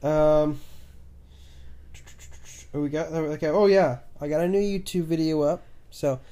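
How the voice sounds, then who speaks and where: A man's voice: a little high, measured pace. A man hosting a podcast at home, chatting casually with lots of fillers and trailing "so"s. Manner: relaxed, rambling with many fillers. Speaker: podcast host. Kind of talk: casual chat. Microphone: new budget desk microphone.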